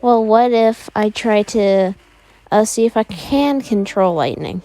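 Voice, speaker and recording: A woman voicing an eager, excitable little boy with a raised, bright-toned voice. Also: medium pitch, measured pace, natural voice.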